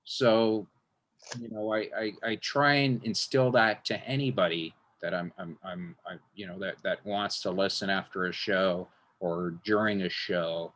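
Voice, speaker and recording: A man's voice: low-pitched, fairly even intonation, a little slow, fairly bright tone, slight background noise. A man, a magician, talking in a casual interview, rambling with frequent restarts and acting out quotes.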